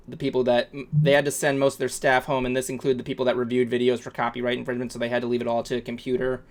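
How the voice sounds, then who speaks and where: Brief: male co-host, casual stream chat, rambling and jokey. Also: mid-range voice. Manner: rambling, jokey, breaks into a salesman voice. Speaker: talk show co-host.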